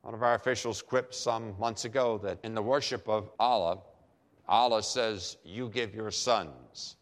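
A man preaching a sermon emphatically, with dramatic pauses and repeated phrases for effect. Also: on the low side, fairly even intonation. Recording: long hall reverb.

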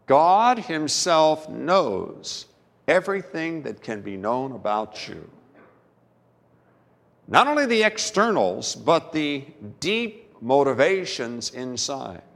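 A man preaching a sermon as pastor, telling a story slowly and emphatically with dramatic pauses, recorded in a church sanctuary. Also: on the high side, sing-song, vocal fry, a bit bright. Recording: long reverb of a large church hall.

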